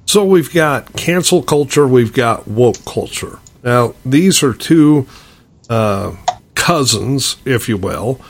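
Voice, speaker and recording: A man's voice: medium pitch, expressive, slow pace. A man hosting an interview, asking questions with frequent fillers and repeated words. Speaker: host. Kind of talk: interview talk.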